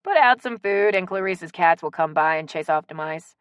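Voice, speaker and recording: Friendly down to earth neighbor lady, brisk talker, lively voice done by a narrator. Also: lowish voice, clear, resonant tone, no room sound, close to an everyday voice. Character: friendly practical neighbor woman.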